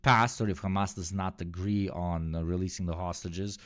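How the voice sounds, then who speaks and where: A man streaming live, reacting to news in a sardonic tone, swearing and swinging from low mutters to loud outbursts. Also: steady tone, moderate pace, smooth, no echo.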